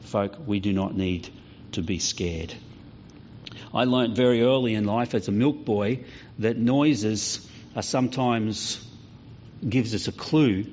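A pastor delivers a lively sermon in a mid-range male voice, telling stories and acting out voices as he goes. There is slight background noise, and the lo-fi recording sounds a little dull.

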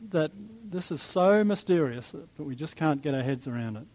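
A man preaching a sermon in a conversational, reflective way, with soft chuckles. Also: on the high side, lively intonation, moderate pace, rough recording. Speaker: pastor.

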